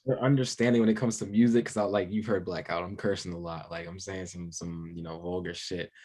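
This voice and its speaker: A young man chatting as a podcast guest musician, laid-back and slangy, telling drawn-out stories. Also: low voice, fairly even intonation, warm tone. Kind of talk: casual podcast chat.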